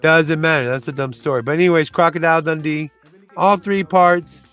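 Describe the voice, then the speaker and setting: Man reviewing movies, casual countdown chat, rambling, restarts a lot, slightly high voice, faint music underneath. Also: steady tone, moderate pace, fairly bright tone, smooth. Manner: rambling and loose, often restarting and groping for names.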